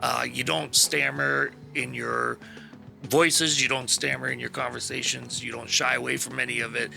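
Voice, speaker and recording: A man with a deeply gravelly, rough edge and a bright, forward tone. He rambles through an easygoing post-game wrap-up, swearing freely and heaping praise on the other players as he goes. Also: level tone, normal speed, faint music behind. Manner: rambling, enthusiastic, swears casually. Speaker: player and stream host. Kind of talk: casual post-session chat.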